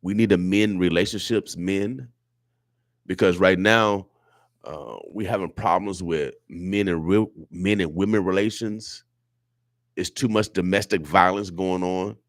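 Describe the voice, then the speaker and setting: A man's voice: sits low, measured pace, no echo, studio quality. A man hosting a radio show, delivering an emotional, preachy monologue with lots of repetition. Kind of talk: impassioned talk radio monologue. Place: radio studio.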